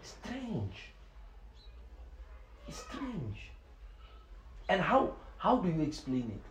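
A man preaching with an animated, swooping high voice. He repeats words and chuckles mid-sentence as he tells the story. The room around him rings with echo. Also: very slow, a little hiss or hum. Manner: excitable, repeats words, laughs while talking.

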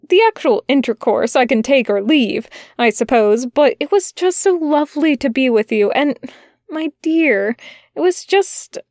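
A gentle, fussy male angel who stumbles over his words when he is flustered and lifts his voice high when he pleads, as a woman reads him aloud. The delivery is unhurried and close, in a dry room. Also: no room sound. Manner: flustered, tender, stammering.

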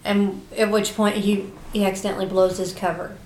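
Mom recapping a movie plot, patient, keeps saying okay anyway, echoey room. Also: female voice, medium pitch, a little fast. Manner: steady storyteller, keeps steering back on track. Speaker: podcast co-host, mother. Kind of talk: casual chat recapping a film.

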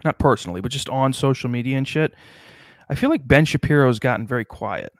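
A man chats loosely on a comedy podcast, riffing and swearing as he goes. His voice sits at an ordinary middle pitch. The sound is dry and close, with no room around it. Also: lively intonation, dry recording. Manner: riffing, profane, does quick mock voices. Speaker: podcast co-host. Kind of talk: casual comedic chat.

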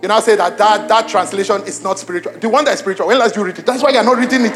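An animated young pastor with a notably high voice preaches to his church. He swings from loud exclamations down to hushed emphasis and keeps repeating his lines. Faint music plays softly underneath him. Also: rapid-fire, few pauses. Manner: repeats lines for emphasis, addresses congregation directly. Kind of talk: sermon. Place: church auditorium with congregation.

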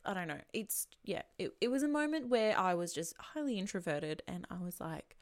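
A woman's voice: mid-range voice, very animated, moderate pace. A young woman hosting a casual solo podcast, chatty and candid, swearing freely and often dropping into whispered asides. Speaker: podcast host.

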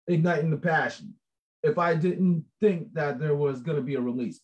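A man chatting casually about a book project, rambling, animated and laughing often. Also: on the high side, moderate pace, lo-fi sound. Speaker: book contributor. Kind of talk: casual chat.

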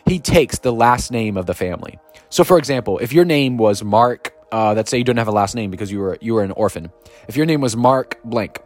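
A man preaching a podcast sermon, reading scripture slowly and emphatically and exclaiming with energy. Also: mid-range voice.

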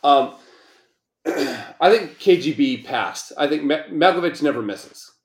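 A man's voice: on the high side, animated, a little slow. Rambling, swearing man in an echoey room. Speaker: podcast co-host. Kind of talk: casual profane banter. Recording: roomy echo.

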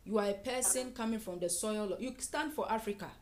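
A woman leads a fervent prayer session at a fairly quick pace, her voice medium-pitched. She repeats lines over and over and breaks into bursts of speaking in tongues.

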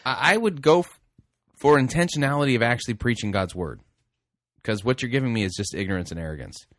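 A man's voice: mid-range voice, animated, fast talker, a bit bright, dry recording. Exasperated, mocking male commentator. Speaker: radio host critiquing a sermon. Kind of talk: sarcastic commentary.

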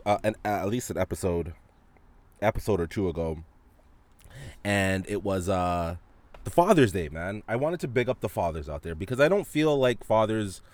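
Male podcast host, profane casual storyteller with a dry, coughing throat; low voice, dry close mic. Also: brisk, dry recording. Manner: profane, animated, frequent restarts.

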